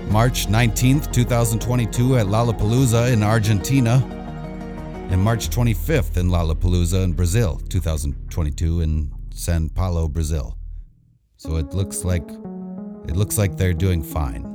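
A man hosting a casual comedic web show, talking in an offhand, rambling, deadpan way. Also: low voice, moderate pace, over music. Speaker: host.

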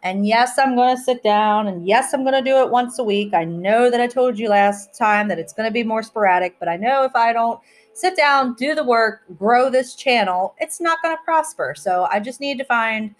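A woman's voice: fairly high pitch, normal speed. Chatty, rambling woman podcast host. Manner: chatty, rambling, self-mocking. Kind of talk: casual solo podcast chat.

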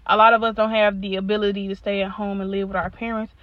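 Young woman, podcast host, profane blunt venting, mid-range pitch, dull lo-fi sound. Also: flat delivery, fast talker, a little hiss or hum. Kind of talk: solo podcast rant.

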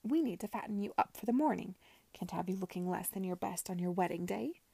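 A woman reading aloud and voicing a scheming, falsely motherly brothel keeper, loud and mock-patient. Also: medium pitch, expressive, brisk, vocal fry, slightly rough, no echo. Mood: mock-patient, sneering.

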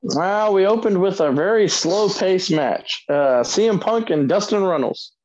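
Male co-host, hesitant and easygoing, slightly high voice, muffled lo-fi audio. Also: animated, a little slow, a little mellow. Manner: hesitant, laid-back, swearing. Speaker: podcast co-host. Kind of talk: casual recap chat. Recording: dull lo-fi audio.

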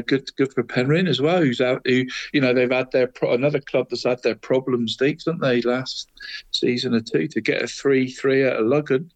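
A man going through local football results in casual podcast chat, tacking "mate" onto nearly every phrase. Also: mid-range voice. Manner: chatty, says "mate" after almost every phrase.

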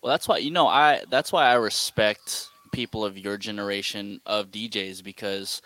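Bright, excitable young man hosting. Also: on the low side, moderate pace, dry recording. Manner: enthusiastic, slangy, excitable. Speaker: podcast host interviewing. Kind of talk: casual interview chat.

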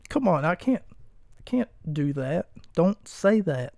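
A man hosting a solo podcast, talking slowly with a gravelly, creaky edge to his voice. His tone is mellow and a little higher than most men's. He rambles wryly, jokes at his own expense and swears freely, with a dry sound close to the mic. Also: sing-song, no echo. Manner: wry, rambling, self-mocking and profane. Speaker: podcast host. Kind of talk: casual solo podcast recap and banter.

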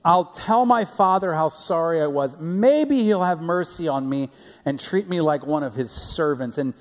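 A man doing a broke young man, repentant, higher voice, drawn-out pleading, long church reverb. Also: expressive, natural voice.

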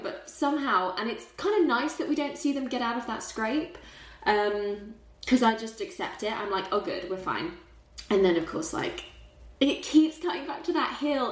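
A woman's voice: on the high side, animated, normal speed. A young adult woman in casual film chat, telling the story with big emotional swings and laughs. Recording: roomy echo.

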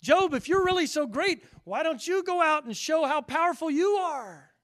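A preacher voicing God, booming and challenging. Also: male voice, animated, moderate pace. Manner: loud, challenging, emphatic.

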